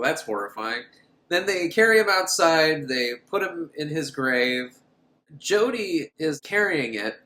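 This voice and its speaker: A man's voice: on the high side, pushed and bright. A man giving a rambling, comic movie recap, laughing often as he goes. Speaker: film reviewer. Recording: roomy room echo.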